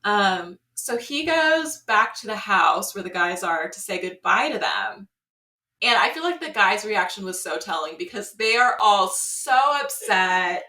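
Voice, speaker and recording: With a mid-range voice at a measured pace, a woman co-hosting a podcast recaps a reality show, performing the quotes as part of her lively storytelling. The sound is roomy and distant from the mic.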